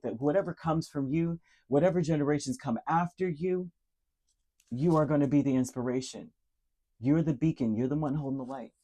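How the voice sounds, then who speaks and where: A man's voice: medium pitch, warm tone. A man giving a tarot reading straight to the listener, earnest and emotional, repeating key words with frequent fillers and restarts. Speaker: tarot reader. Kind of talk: direct-to-camera tarot reading.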